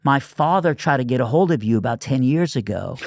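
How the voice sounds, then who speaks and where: A man's voice: mid-range voice, animated, a little fast, creaky, a little mellow, dry recording, clean studio sound, voice pushed up. A man voicing a polite, eager young woman speaking on a phone call.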